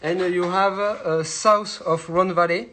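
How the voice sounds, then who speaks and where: A young man speaks English with a clear French accent, pausing often and filling gaps as he searches for words. His voice sits high and he talks slowly. Faint outdoor ambience surrounds him. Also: fairly even intonation, fairly bright tone, slight background noise, rough recording. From France. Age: young adult. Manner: halting, many filler sounds and restarts. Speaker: winemaker giving a vineyard tour. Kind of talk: casual guided talk. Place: outdoors in a vineyard.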